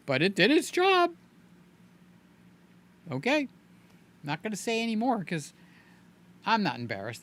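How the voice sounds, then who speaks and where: Seventies male streamer, lively pitch, bright voice, loose joking chat. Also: unhurried, pauses often, dry recording. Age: 70s. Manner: chatty, animated, joking asides. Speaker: live-stream host. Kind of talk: casual live-stream chat.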